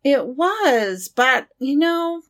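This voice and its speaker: A woman co-hosting a movie podcast, reassuring and chatty, talking in quick bursts. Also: high-pitched, very animated, a bit bright. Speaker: podcast co-host. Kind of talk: casual chat.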